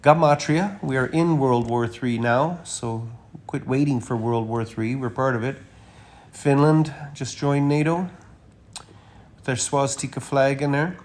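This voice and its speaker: A man giving a rambling, emphatic monologue while walking through a slideshow of images, with frequent uh fillers and sudden loud stresses. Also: mid-range voice, fairly even intonation, a little slow. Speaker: commentator presenting images.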